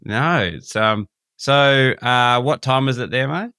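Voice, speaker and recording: A man's voice: medium pitch, takes it slowly, bright, forceful tone, smooth, no room sound, studio quality. An Australian man hosting a farming podcast, laid-back and matey, chatting with a remote guest. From Western Australia. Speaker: podcast host. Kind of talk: casual podcast interview.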